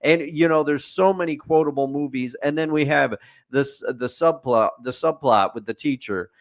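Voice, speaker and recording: A man with a fairly high-pitched speaking voice, talking through a movie in relaxed podcast chat. He is opinionated and builds his case point by point, ticking items off like a checklist. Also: moderate pace. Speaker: podcast co-host. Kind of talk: casual movie review chat.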